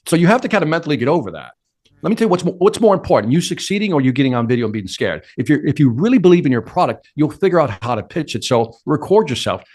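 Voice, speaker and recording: A man's voice: on the high side, big pitch swings, very fast, a little mellow. A middle-aged man answering interview questions with energy, acting out quotes and his own inner talk. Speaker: sales speaker and interview guest.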